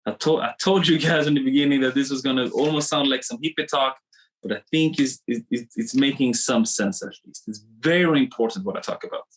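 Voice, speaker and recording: A man coaching a live online webinar, animated and repetitive as he draws on screen, talking into a computer mic. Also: mid-range voice, fairly quick, rough recording. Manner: animated, repeats himself, drawing on screen.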